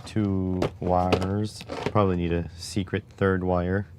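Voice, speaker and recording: A man with a very low voice hosts a relaxed livestream, talking slowly as he reasons through each step out loud. He tosses wry, offhand remarks to his viewers between the steps. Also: noisy background. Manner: thinks aloud step by step, wry asides to viewers. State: recovering back injury. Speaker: livestream host. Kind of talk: casual livestream chat while tinkering.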